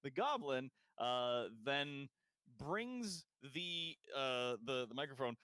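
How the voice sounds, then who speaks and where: A man's voice: mid-range voice, lively intonation, slow pace, bright, forceful tone, clean tone, dry recording. A man narrating a tabletop game as game master, rambling with many fillers.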